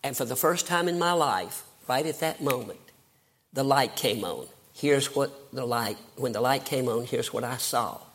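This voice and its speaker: Telling the story of his conversion, an older Southern American evangelist preaches fervently and breaks into emphatic outbursts. He speaks at normal speed with a medium-pitched, slightly bright voice.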